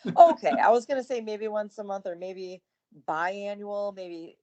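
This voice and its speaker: A woman's voice: mid-range voice, a little fast, muffled recording, crowd noise. A woman co-hosting a wrestling podcast in casual chat, often laughing and trailing off mid-thought. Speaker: podcast co-host.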